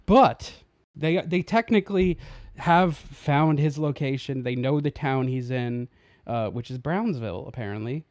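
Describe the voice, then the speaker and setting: A man's voice: medium pitch, a little slow, darkish tone, no room sound, clean studio sound. A man hosting a stream, chatting casually and with amusement, full of fillers. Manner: amused, gossipy, filler-heavy. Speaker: stream host. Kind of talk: casual commentary chat.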